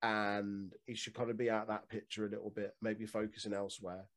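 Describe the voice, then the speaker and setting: A man's voice: on the low side, flat delivery, fairly quick. A man co-hosting a podcast in casual, opinionated chat, swearing freely. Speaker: podcast co-host.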